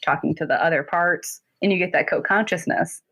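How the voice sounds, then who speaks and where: A woman guest therapist talking casually in an interview, chatty and quick, laughing often and saying "like" a lot. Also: lowish voice, a bit bright. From North Carolina, US.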